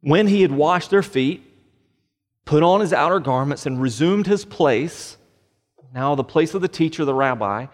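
A male pastor preaching a sermon in a church sanctuary, animated, firing off rhetorical questions and joking asides. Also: fairly high pitch, normal speed. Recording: long hall reverb.

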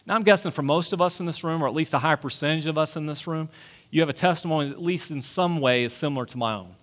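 A forties-aged pastor delivers a sermon in church at a quick pace, his voice fairly high-pitched and a bit bright. He pleads earnestly and keeps posing questions to the congregation.

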